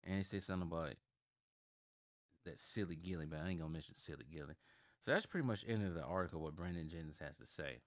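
Talking fast in a voice that sits low, a Milwaukee sports-channel host in his thirties offers opinionated takes that grow heated, loud and emphatic once he starts ranting. It's a dry, studio-quality recording.

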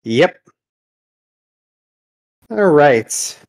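A man acting as game master, narrating a tabletop game in a casual, relaxed way. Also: a little high, drawn-out words, gravelly.

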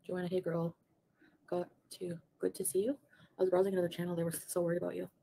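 A woman's voice: lowish voice, little pitch movement, fast talker, vocal fry, warm tone, slightly rough. A woman on a played livestream clip, rambling and greeting viewers by name. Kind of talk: chatty livestream talk to viewers.

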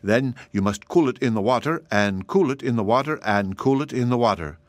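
A man's voice: medium pitch, animated, a little fast, no echo, lightly acted. A man voicing a scolding mother who is exasperated with her foolish little boy, in a storybook reading. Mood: instructing. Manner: exasperated, scolding, repeats the boy's name.

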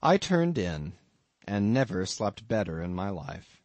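A man narrating an audiobook in an expressive, dramatic reading. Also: on the low side, measured pace, no echo.

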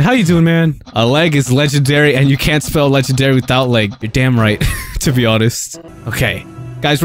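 A young man giving live commentary on a game, excitable and yelping often. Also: medium pitch. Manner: excitable, yelps and laughs often. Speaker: streamer.

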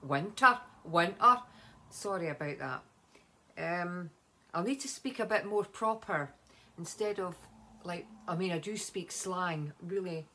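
A woman's voice: lowish voice, unhurried. A Scottish woman chatting casually in a home beauty vlog, rambling with many ums and asides. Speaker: vlogger.

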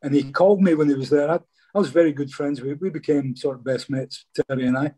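A man's voice: a little high, steady tone, fast, dark tone, slightly rough. Chatty Scottish man telling stories. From Scotland. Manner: chatty, says "mate" a lot. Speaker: guest, former footballer. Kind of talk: casual storytelling interview.

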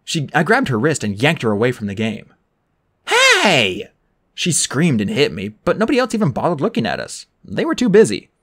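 Animated audiobook narrator. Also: medium pitch, fast talker, few pauses. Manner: animated, voices every character. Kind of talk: first-person novel reading.

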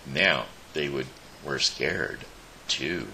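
A man reads a fairy tale aloud in a very deep, gravelly voice. He takes his time, stumbling and restarting now and then, and his tone has a bright, tight edge to it. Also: a little hiss or hum, rough recording. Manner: slow, with small slips and restarts. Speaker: show host reading a story. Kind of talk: storybook reading.

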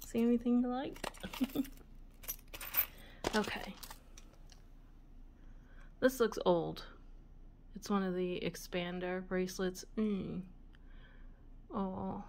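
A woman hosting a vintage jewelry video, musing aloud in a soft, relaxed voice and sometimes dropping to a whisper. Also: medium pitch, gravelly, slight background noise. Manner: slow, soft-spoken, musing aloud, often drops to a whisper. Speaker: vintage jewelry channel host. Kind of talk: casual show-and-tell of jewelry.

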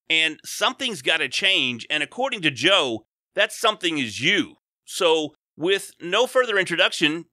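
Bright-voiced chatty male podcast host. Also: on the high side, dry recording, clean studio sound. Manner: chatty, rambling with restarts. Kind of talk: casual interview chat.

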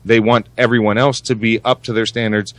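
A man's voice: on the low side, level tone, fairly quick, fairly bright tone, no room sound. A man co-hosting a podcast, talking casually in a rambling way with heavy swearing and many restarts. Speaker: podcast co-host. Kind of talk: casual chat.

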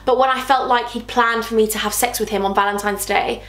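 A woman's voice: on the high side, fairly even intonation, fairly quick, fairly bright tone, reverberant. A young woman telling a candid, chatty storytime vlog. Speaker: vlogger.

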